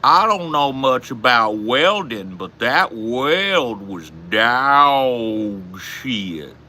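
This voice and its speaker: A man voicing a blunt Southern man in a slow, heavy drawl. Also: mid-range voice, big pitch swings, bright, forceful tone, slight background noise, heavily acted.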